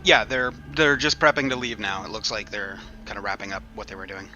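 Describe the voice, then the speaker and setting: A man narrating a tabletop game as game master, lively, with quick asides. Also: fairly low pitch, dull audio, soft background music.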